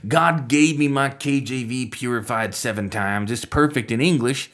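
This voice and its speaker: A man's voice: medium pitch, normal speed, a bit bright, voice pushed up, natural voice. A man doing a mocking Southern US voice of an emphatic, preachy believer. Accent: put-on Southern US. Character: preachy man insisting on one Bible.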